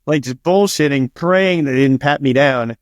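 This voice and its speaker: A man's voice: medium pitch, unhurried, dry recording. Man telling stories in a dry close-up sound. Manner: swears freely and acts out quoted dialogue. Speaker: interviewed author. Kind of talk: casual storytelling interview.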